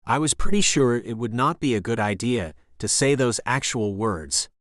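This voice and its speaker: Male audiobook narrator, middle pitch, steady measured first-person read, dry studio mic. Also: no echo.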